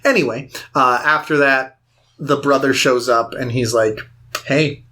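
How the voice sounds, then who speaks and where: A man's voice: mid-range voice, steady tone, normal speed, pushed and bright. Rambling man recapping a film. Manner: rambling retelling with filler words and acted-out quotes. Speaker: podcast co-host. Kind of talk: casual movie recap chat.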